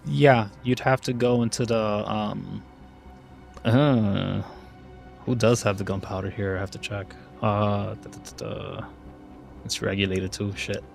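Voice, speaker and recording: Slow, low-voiced game master. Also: male voice, fairly even intonation, gravelly, faint music behind. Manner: thinking aloud, unhurried. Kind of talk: narrating a tabletop game.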